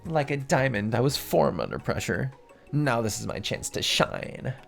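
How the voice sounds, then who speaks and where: A man's voice: medium pitch, big pitch swings, moderate pace, vocal fry, a bit bright, faint music behind, pitched above the performer's own voice. A man voicing a fussy male dog teacher in a video game, speaking in a prim, scolding way. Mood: boastful.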